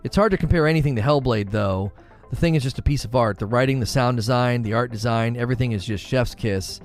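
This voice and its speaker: A man's voice: medium pitch, fast. Earnest man chatting over faint music. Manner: earnest, openly emotional, repeats himself. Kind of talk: casual chat.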